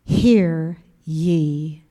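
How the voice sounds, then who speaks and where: A woman quoting God as a calm fatherly voice, lowering her voice and speaking slowly and solemnly. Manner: slow, solemn and tender.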